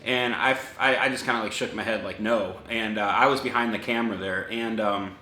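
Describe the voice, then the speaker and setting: A man's voice: on the low side, brisk. A young man casually presenting his paranormal recordings, rambling with lots of fillers, a dog somewhere near him. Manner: relaxed, rambling with many fillers. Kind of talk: casual talk to camera. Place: home room with a dog nearby. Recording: echoey room, faint noise.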